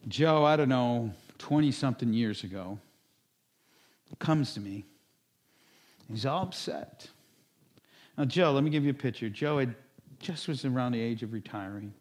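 A man's voice: mid-range voice, normal speed, long pauses, darkish tone. A male pastor preaching a sermon in a conversational storytelling way, with asides to the congregation and acted-out quotes.

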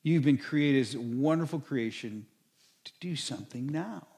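A man's voice: moderate pace, gravelly. A middle-aged man preaching a sermon as a pastor, acting out people's reactions in bursts. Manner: animated, acts out quoted reactions with sudden high-pitched bursts.

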